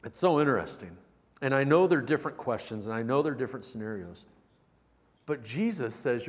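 A man preaching a sermon as a pastor, animated, shifting between loud emphatic bursts and soft, intimate passages. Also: medium pitch, fairly quick, in a large hall.

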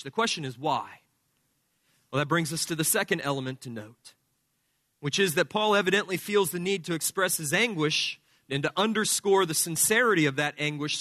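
A man's voice: fairly high pitch, sharp tone, no room sound. A man preaching an expository sermon, laying out his points one by one with firm emphasis. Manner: emphatic, methodical teaching with numbered points.

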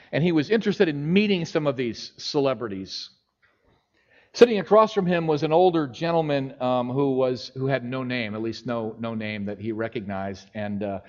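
This middle-aged preacher has a mid-range voice and narrates a story during his sermon, animatedly performing the voices of its characters. The sound quality is dull and lo-fi.

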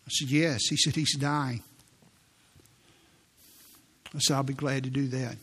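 A man in his sixties, a pastor preaching a sermon in a church, telling stories in an earnest way and slowing down for quoted prayers. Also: medium pitch, fairly even intonation, fairly bright tone, breathy edge. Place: church sanctuary.

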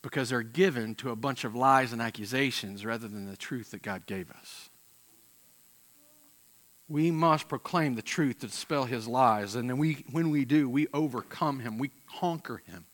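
A man preaching a sermon with passion, swinging from loud emphatic peaks to quiet, intense moments and often repeating words as he restarts phrases. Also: mid-range voice, moderate pace. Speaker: pastor.

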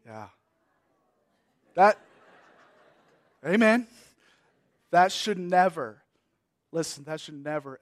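Man, pastor, sermon, emphatic, loud-to-hushed swings, slow delivery, dry close sound. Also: a little high, animated, no room sound.

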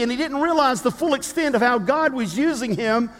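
A man preaching a sermon as a pastor, telling a story in a lively way with humorous asides. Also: very high-pitched, moderate pace. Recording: long reverb of a large hall.

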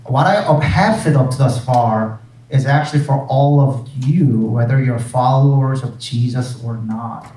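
A man, a pastor, delivering an earnest sermon, pressing hard on some phrases and dropping to a hush on others. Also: medium pitch, unhurried, echoey room, distant mic, rough recording. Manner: earnest, emphatic preaching with soft hushed drops on key phrases.

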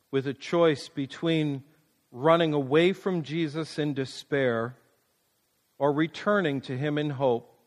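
Slow, high-voiced man giving a tender reflection. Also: long reverb tail. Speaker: preacher. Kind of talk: reflective devotional reading.

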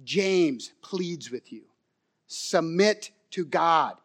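High-voiced animated man preaching. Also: extremely slow. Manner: animated storyteller, swings from loud excitement to quiet pleading. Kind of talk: sermon with personal story.

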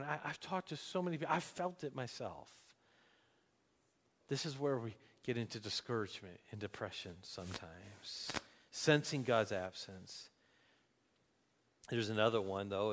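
A man's voice: mid-range voice, fairly bright tone, in a large hall. A man preaching a sermon as pastor, earnest and emphatic, often restarting his sentences.

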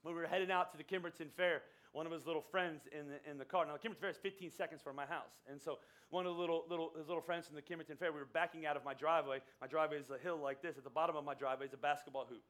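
A man's voice: fairly high pitch, steady tone, very fast, fairly bright tone. A middle-aged man preaching a sermon, telling a family story in a conversational way and acting out the quoted lines. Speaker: pastor.

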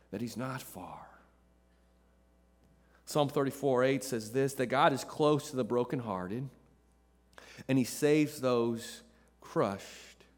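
A man preaching a sermon as pastor, emphatic, repeating key phrases for effect. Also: mid-range voice. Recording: long reverb of a large hall.

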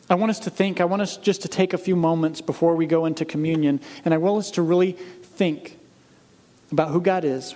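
A man preaching as a pastor, speaking earnestly to his congregation and reading scripture slowly with emphasis. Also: a little high, darkish tone. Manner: earnest, direct appeals to the congregation. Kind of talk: sermon. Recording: long hall reverb.

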